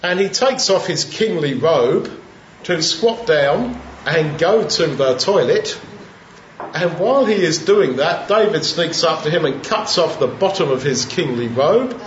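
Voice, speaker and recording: A man's voice: fairly high pitch, animated, a little slow. A man preaching a sermon, retelling scripture as a conversational story in everyday modern speech. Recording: roomy, dull-toned recording with faint background hiss.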